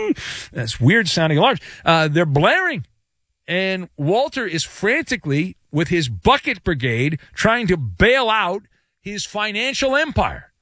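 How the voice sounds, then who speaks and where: A male sports commentator talks through a jokey, theatrical solo rant with big swings in his delivery. His voice sits a touch high and leaps all over the place. The sound is close and dry, with no room around it. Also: fairly bright tone, no room sound.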